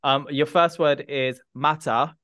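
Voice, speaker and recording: A man hosting a podcast, playfully teasing guests and firing quickfire questions with countdowns. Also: on the high side, fairly even intonation, a bit bright. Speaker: podcast host. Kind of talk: casual chat, quickfire game questions.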